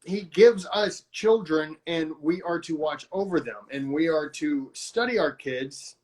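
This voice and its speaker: A man hosting a podcast conversation, talking in a halting way with many restarts and self-corrections. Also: on the high side, a little mellow. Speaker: host.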